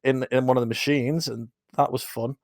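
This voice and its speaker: A young man co-hosting a podcast, telling sweary anecdotes in a casual, animated way. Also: medium pitch, a little fast. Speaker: podcast co-host. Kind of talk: casual storytelling chat.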